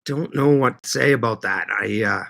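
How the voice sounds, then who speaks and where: A man's voice: mid-range voice, normal speed, creaky, sharp tone. A man chatting casually on a livestream, rambling easygoing and laughing often as he greets viewers by name. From Canada. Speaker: livestream host.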